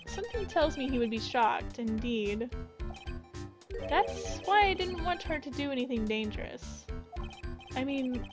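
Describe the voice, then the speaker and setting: A woman's voice: high voice, lively intonation, a little slow, pauses often, music in the background, rough recording. A woman reading the part of a goofy, lovesick young man who whines and dramatizes. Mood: dreamy.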